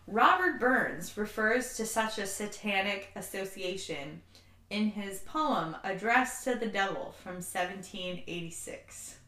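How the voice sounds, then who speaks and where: Giggly woman podcast host, bright tone, kinda echoey room. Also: mid-range voice, expressive, a little slow. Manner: giggly, self-deprecating, reads facts aloud. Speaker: podcast co-host presenting research. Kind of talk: casual podcast chat.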